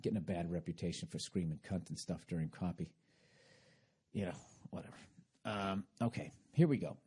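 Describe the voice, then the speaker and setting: A man's voice: low-pitched, steady tone, moderate pace, a little mellow, breathy edge. A man hosting a podcast, talking in a rambling, profane, sarcastic comedic monologue. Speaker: podcast host.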